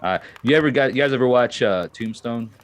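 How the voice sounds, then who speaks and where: A live-stream gamer with a medium-pitched voice chats briskly while he plays, rambling, joking around, and generally being goofy.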